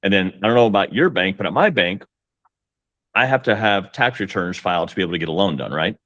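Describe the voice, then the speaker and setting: A man's voice: deep voice, animated, fast, a bit bright, no room sound, muffled recording. A man talking as a guest mortgage coach, with an emphatic, pep-talk delivery. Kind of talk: casual podcast conversation.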